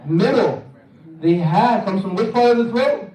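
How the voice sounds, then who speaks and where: A man's voice: high-pitched, lively intonation, measured pace, warm tone. A man teaching a tajweed class, drilling pronunciation and chanting verses for the group to repeat. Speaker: Quran recitation teacher. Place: mosque hall. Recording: echoey hall, mic at a distance.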